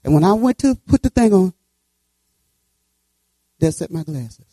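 A woman in her seventies preaching, telling a folksy personal story and breaking into fervent shouts of praise. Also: lowish voice, big pitch swings, measured pace, no echo, rough recording. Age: 70s. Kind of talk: sermon testimony and prayer.

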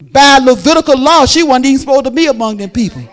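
A woman's voice: high voice, animated, quick pace. Fervent woman preacher. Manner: fervent, loud exclamations and praise interjections; drops to quiet, intimate storytelling. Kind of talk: sermon.

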